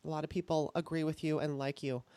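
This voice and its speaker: A woman's voice: sits low, little pitch movement, fast, dark tone, dry recording. A woman hosting a casual political talk show, chatty and laughing often, with many fillers. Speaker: podcast host.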